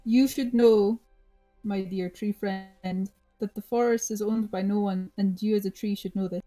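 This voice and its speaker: A woman's voice: mid-range voice, steady tone, measured pace, mellow, faint music behind, close to an everyday voice, poor audio. A woman playing a politely lecturing fantasy adventurer.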